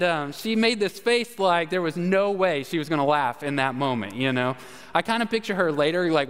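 A man's voice: high-pitched, a bit bright, smooth. A man preaching, telling a folksy, self-deprecating story with many fillers and "all right?" asides. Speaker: pastor. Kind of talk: sermon storytelling. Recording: long hall reverb.

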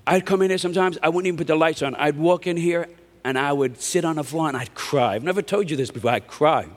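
A pastor preaching a sermon in a conversational, emphatic way, often asking the congregation "right?". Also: male voice, fairly high pitch, fast, long reverb tail. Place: church hall.

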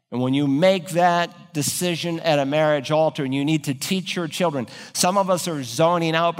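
Man preaching in a reverberant hall. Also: a little high. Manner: preaching with rising emphatic peaks. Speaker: pastor. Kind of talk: sermon.

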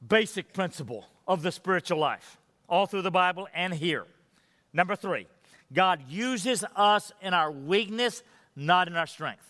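A man preaching a sermon emphatically, sinking to quiet, intense low tones on key points. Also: animated, a little slow, long reverb tail. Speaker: pastor.

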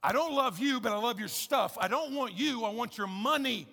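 A preacher voicing a scornful greedy young son. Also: male voice, very high-pitched, normal speed, gravelly, pushed and bright, heavily acted. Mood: defiant. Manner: blunt, scornful. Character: greedy, defiant young son demanding inheritance. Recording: echoey church hall.

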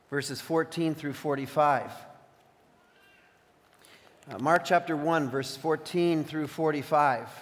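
Guy preaching in a church, slightly high voice, long echo off the hall, reads scripture slow with big pauses. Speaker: pastor. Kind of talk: sermon with scripture reading. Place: church sanctuary.

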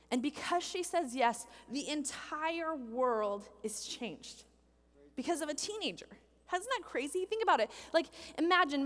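A woman giving a sermon as a pastor, animated, acting out the people in the story she tells. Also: high voice, long reverb tail. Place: church hall with a congregation.

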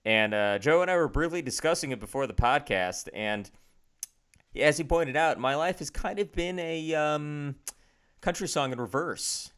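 A man's voice: a little high, moderate pace, fairly bright tone, smooth. A young man co-hosting a podcast, chatting in a rambling, self-deprecating way with lots of fillers, recorded on a home studio microphone over a video call. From Chicago area. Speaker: podcast co-host. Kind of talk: casual chat.

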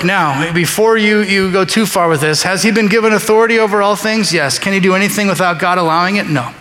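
A man's voice: sits high, normal speed, fairly bright tone. Male pastor, sermon, conversational and punchy, repeats his points, echoing sanctuary sound. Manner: conversational, emphatic, repeats key phrases. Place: church sanctuary during a service.

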